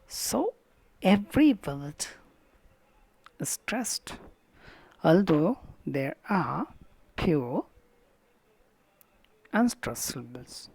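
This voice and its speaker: A woman with an Indian English accent giving a recorded video lecture, sounding out syllables slowly and deliberately. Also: deep voice, very animated, mellow, no echo, poor audio. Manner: slow, deliberate, stresses syllables aloud. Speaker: teacher.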